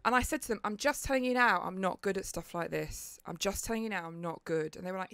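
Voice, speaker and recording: A woman's voice: mid-range voice, fast talker, creaky, hardly any pauses, clean tone, no echo. A woman in her thirties with a Northern English accent, telling a dramatic story in casual podcast chat. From England. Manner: animated, dramatic retelling with acted quotes. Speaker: podcast co-host. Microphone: studio mic.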